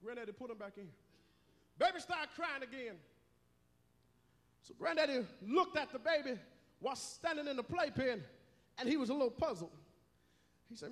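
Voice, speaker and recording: A male pastor preaching a sermon in a church, building rhythmic repeated phrases up into shouts. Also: extremely high pitch, big pitch swings, moderate pace, pauses often. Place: church sanctuary. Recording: long church hall reverb.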